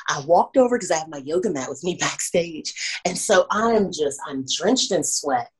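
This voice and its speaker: Woman, young, Washington D.C. accent, husky, lively pitch swings, acts out stories, laughing. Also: normal speed. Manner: animated, laughs often, acts out moments. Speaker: pro wrestler, guest. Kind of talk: casual interview chat.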